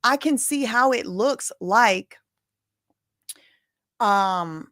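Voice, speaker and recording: A woman's voice: fairly high pitch, lively intonation, drawn-out words, fairly bright tone, no echo, studio quality. A woman casually commenting on a live trial, chatty and opinionated, often saying "like" and "y'all".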